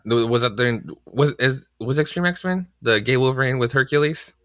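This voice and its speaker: A man's voice: mid-range voice, normal speed, fairly bright tone, no room sound, clean studio sound. A man co-hosting a casual comics podcast, enthusiastic, laughing often and restarting his sentences. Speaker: podcast co-host. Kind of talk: casual comic book chat.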